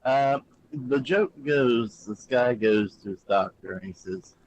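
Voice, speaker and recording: Deadpan man telling a joke, faint hiss. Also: medium pitch, slow pace, highs cut off. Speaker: podcast co-host. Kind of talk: casual podcast chat.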